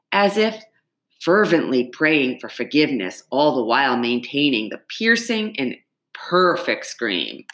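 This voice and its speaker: A woman reading a children's novel aloud in an expressive, dramatic storytelling manner. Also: deep voice. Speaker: audiobook narrator.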